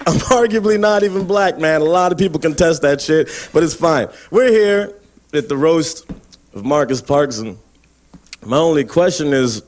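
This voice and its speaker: A man's voice: fairly high pitch, expressive, normal speed, slight background noise. A man doing a stand-up roast set, boastful and trash-talking, often breaking into laughs. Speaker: roast comic.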